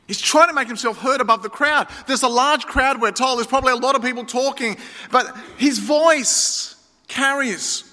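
A man's voice: very high voice, moderate pace, pushed and bright, long reverb tail. A man preaching an emphatic sermon, calling his listeners friends. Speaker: pastor.

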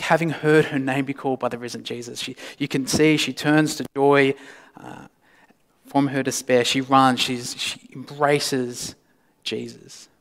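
A male pastor delivering a sermon, swinging from loud emphasis to hushed, near-whispered lines. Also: mid-range voice, creaky. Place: church. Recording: long reverb of a church hall.

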